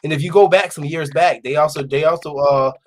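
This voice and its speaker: A male podcast host in casual sports talk, animated and laughing often as he talks. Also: fairly high pitch, a little fast, slight background noise. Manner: animated, laughs a lot while talking.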